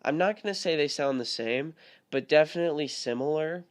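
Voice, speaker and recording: A man's voice: fairly high pitch, a little fast. A young man hosting his own podcast, rambling in a casual, profane rant full of filler words. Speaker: podcast host.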